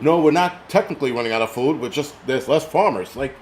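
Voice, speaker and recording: On the high side and talking fast with few pauses, a middle-aged man rants profanely during a casual live stream, reading out chat comments while a little tipsy from liquor. A slight hiss or hum can be heard.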